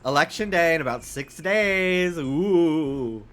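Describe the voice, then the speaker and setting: A man's voice: fairly high pitch, takes it slowly, a little hiss or hum. A young man with a faint New York accent, a streamer chatting casually and rambling with his live chat, full of fillers. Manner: rambling, animated, frequent fillers.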